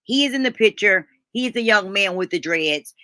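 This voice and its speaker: A woman's voice: mid-range voice, expressive, normal speed, pushed and bright, no echo, clean studio sound. Chatty woman hosting a live stream. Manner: chatty, calls viewers honey and baby; folksy slang, restarts and stumbles. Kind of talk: casual live stream chat.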